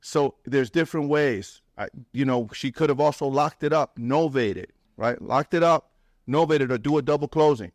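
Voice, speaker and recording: A man talking to a meetup crowd about investing, with a blunt, animated delivery and the odd curse. He mimics other people's voices by pitching up sharply. The sound is dry and close, with no room echo. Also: normal speed. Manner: blunt and swearing, acts out quoted people in raised pitch. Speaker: real estate investor and mentor speaking at a meetup. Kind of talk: animated talk to a live audience.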